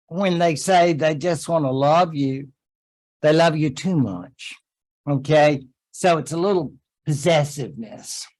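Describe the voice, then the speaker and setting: A man giving a history lecture to a class in a chatty way, with joking asides and quick made-up quotes. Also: a little high.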